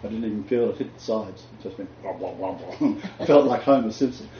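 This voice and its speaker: An older man from Australia, preaching and telling a personal story with sudden loud peaks. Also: fairly low pitch, brisk, echoey room, highs cut off, slight background noise.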